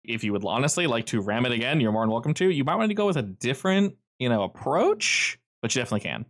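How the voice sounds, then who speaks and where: Man with a very lively voice narrating a game. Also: mid-range voice, quick pace. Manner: rambling, filler-heavy, easygoing. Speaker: game master.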